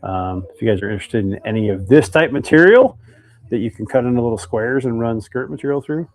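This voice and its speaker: A man from Idaho in the United States hosts a casual live stream as he makes fishing baits, chatting and reading viewer comments out loud. His voice is medium in pitch and darkish in tone, and he talks fairly quickly.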